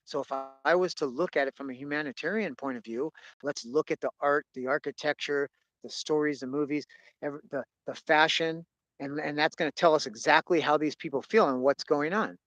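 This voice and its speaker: A man's voice: on the high side, a little fast, fairly bright tone, no room sound, dull audio. A man hosting a casual monologue, rambling and cursing as he tells a story.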